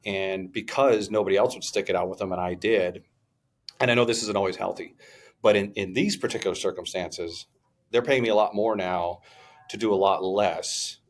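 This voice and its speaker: Reflective low-voiced male podcast host. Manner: reflective, rambling, many fillers and restarts. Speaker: podcast co-host and business owner. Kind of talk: casual podcast conversation.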